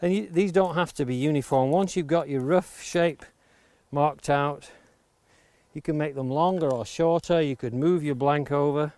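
A man's voice: a little high, moderate pace, no room sound. Man explaining axe carving step by step. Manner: steady, explains each step aloud and stresses safety. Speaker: woodcarving instructor. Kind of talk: hands-on demonstration tutorial. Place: outdoors near the coast. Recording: clear background noise of chopping and clicks. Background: axe chops and clicks.

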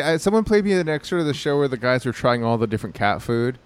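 A man's voice: medium pitch, very animated, quick pace, smooth. A man co-hosting a podcast, chatting casually in a rambling, hesitant way full of restarts and fillers. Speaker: podcast co-host. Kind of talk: casual chat.

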